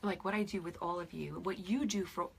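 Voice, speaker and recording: A woman in her forties, a spiritual life coach, chatting on camera to her followers, teary and emotional, often dropping into soft whispers. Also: on the low side, fairly even intonation, a little fast, gravelly, a little hiss or hum. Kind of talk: casual direct-to-camera chat with followers.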